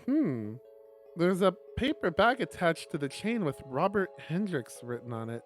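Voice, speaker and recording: A man's voice: fairly high pitch, sing-song, normal speed, no room sound, soft background music. A young man streaming, reading a visual novel aloud with laughing, rambling asides.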